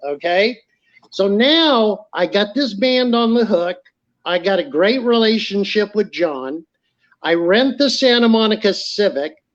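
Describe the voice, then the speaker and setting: A man's voice: sits high, dull audio. A middle-aged man, telling stories casually as a podcast guest and acting out the voices of people he quotes. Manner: animated storyteller acting out quoted dialogue. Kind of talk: casual storytelling.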